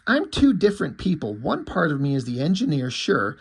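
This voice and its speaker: Comic female engineer, husky and curt, as read by a man, little put-on. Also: fairly high pitch, wildly swooping pitch, brisk, exaggerated voice. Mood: frank. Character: female alien engineer, frustrated and lustful.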